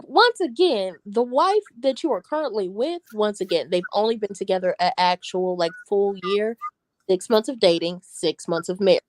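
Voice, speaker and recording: A woman hosting a casual reality TV recap, talking in an animated, sassy, slangy way. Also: medium pitch, moderate pace. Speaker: show recap host.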